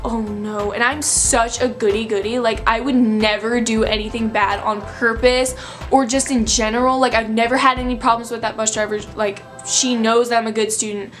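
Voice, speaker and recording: A woman's voice: on the high side, level tone, moderate pace, faint music behind. Chatty young woman telling a story. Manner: chatty, filler-heavy, breathless retelling. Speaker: vlogger. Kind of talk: storytime vlog.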